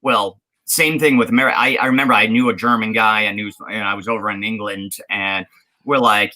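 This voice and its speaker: A man's voice: on the low side, steady tone, fairly quick, bright, forceful tone, rough recording. A man from the United States co-hosting a podcast in casual chat, rambling with many restarts and fillers. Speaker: podcast co-host.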